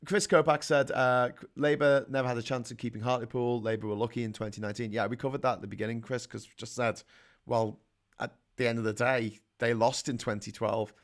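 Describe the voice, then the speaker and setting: A middle-aged man with a Liverpool accent runs a live call-in stream, answering viewer comments in blunt, sweary rants that build in heat. His voice has a gravelly edge and sits at an ordinary pitch. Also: steady tone, brisk. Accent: Scouse. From Liverpool, England. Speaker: host of a live call-in chat show.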